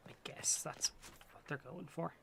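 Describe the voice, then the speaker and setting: Excitable swearing male game streamer. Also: fairly high pitch, a little slow, creaky, whispered. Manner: excitable, swearing, chatty asides to chat. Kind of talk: casual gameplay commentary.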